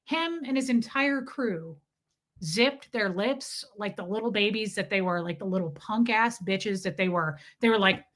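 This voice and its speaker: A woman hosting a livestream, telling a profane story in a casual, animated way and mimicking the people in it. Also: mid-range voice. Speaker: livestream host.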